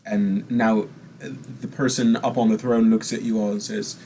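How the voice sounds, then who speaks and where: A man narrating a tabletop game as game master, describing scenes at an unhurried pace with frequent fillers. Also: on the low side, flat delivery, mellow, a little hiss or hum.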